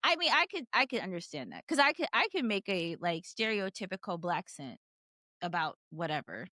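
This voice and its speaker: Woman co-host, casual podcast chat, animated with quoted asides, dry close mic. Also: fairly low pitch, fairly quick, no echo.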